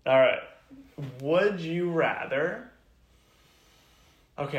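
A man's voice: fairly high pitch, lively intonation, takes it slowly, long pauses, echoey room. A man co-hosting a casual podcast chat, playful and teasing, rambling through made-up scenarios. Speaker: podcast co-host.

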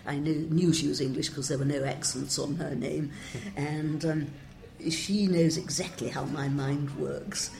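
A woman's voice: low voice, fairly even intonation, measured pace, vocal fry, warm tone. An older woman, a translator, giving wry, discursive interview answers and quoting verse with relish.

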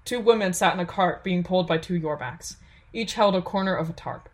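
A woman narrating a fantasy audiobook in a steady, measured storytelling voice. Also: on the low side.

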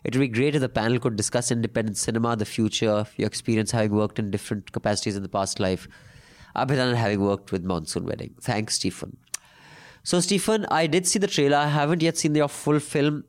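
Indian male podcast host, medium pitch, casual and cheeky, drops Hindi words. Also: brisk. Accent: Indian English. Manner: irreverent, swears, mixes Hindi phrases. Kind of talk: casual banter and reading listener mail.

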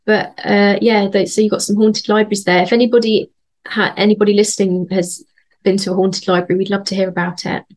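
A woman co-hosting a podcast in casual chat, easygoing and quick to agree. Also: mid-range voice, level tone, darkish tone. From United Kingdom. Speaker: podcast co-host.

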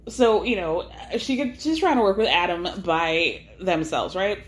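A woman's voice: lowish voice, expressive, a little slow. A woman hosting a podcast, recapping a reality show in a chatty, laughing way full of "like" fillers. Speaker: podcast host. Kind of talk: casual recap chat. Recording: roomy echo.

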